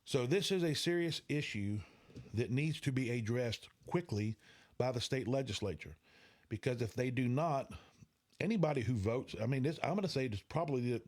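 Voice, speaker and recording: A man explains election law to viewers. He talks emphatically, slows down to stress key words and restarts his sentences often. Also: medium pitch, animated.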